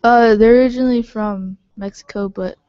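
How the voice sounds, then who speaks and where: A woman's voice: a little high, steady tone, moderate pace, clear, resonant tone, no room sound. Shy young woman giving brief answers. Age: young adult. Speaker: college student guest. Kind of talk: interview answers. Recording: dull lo-fi mobile broadcast, dry.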